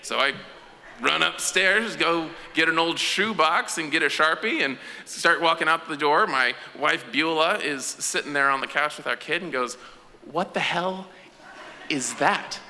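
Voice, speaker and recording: A man telling a true story live on stage in an animated way, acting out the other voices. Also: fairly high pitch, moderate pace. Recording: echoey hall with faint noise.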